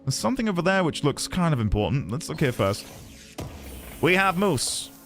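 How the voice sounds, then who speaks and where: Animated British man streaming a game. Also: a little high, quick pace, faint music behind. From Britain. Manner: animated, chatty, reads game documents aloud. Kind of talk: casual game-stream chat.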